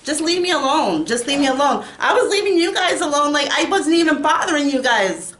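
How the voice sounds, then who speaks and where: A woman's voice: high voice, animated, a little fast, fairly bright tone. A young woman rants in a vlog, sounding upset, emphatic and rambling. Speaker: YouTuber. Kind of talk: ranting vlog. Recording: echoey room.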